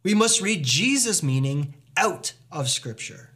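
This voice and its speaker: A man's voice: on the high side, sing-song, unhurried, a bit bright. A man preaching a sermon as pastor, earnest and emphatic, posing rhetorical questions to the congregation.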